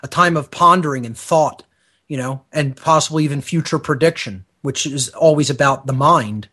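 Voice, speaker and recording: A man's voice: on the high side, moderate pace, pushed and bright, husky. A man speaking as a radio show guest, giving a long explanatory lecture and often checking in with "okay?". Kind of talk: explanatory lecture-style talk.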